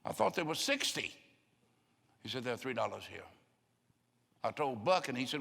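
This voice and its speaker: A man's voice: medium pitch, big pitch swings, moderate pace, vocal fry, pauses often, fairly bright tone. Older male pastor in a reverberant church. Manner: folksy storytelling, acts out voices of people he quotes. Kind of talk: sermon. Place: church sanctuary. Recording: long hall reverb.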